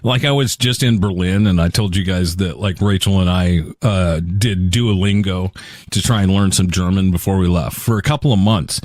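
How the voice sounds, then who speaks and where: A man's voice: low voice, normal speed, darkish tone, dry recording, studio quality. A man co-hosting a podcast, chatting casually and rambling, calling the others dude. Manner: rambling, lots of fillers and restarts, says dude. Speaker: podcast co-host. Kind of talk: casual chat.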